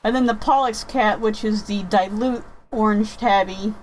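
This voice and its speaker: A woman chatting casually while playing a game, rambling and thinking out loud with many restarts. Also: medium pitch, steady tone, normal speed, a little hiss or hum, low-quality recording. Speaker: gaming streamer chatting with viewers. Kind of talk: casual chat over gameplay.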